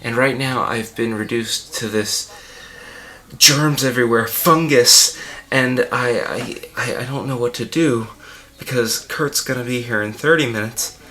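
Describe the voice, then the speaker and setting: A man's voice: mid-range voice, fairly even intonation, moderate pace, few pauses, fairly bright tone, natural voice. A man playing an unwell, pompous male art-film director who rambles and panics in an improvised comedy commentary track. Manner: rambling, self-important, panicky. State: unwell and dizzy.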